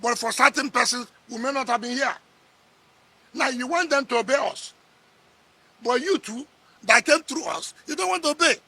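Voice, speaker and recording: A man's voice: very high-pitched, expressive, normal speed, long pauses, bright, forceful tone, breathy edge. A middle-aged man with a Nigerian accent, a politician sparring in a heated press interview, combative and scoffing, repeating his words.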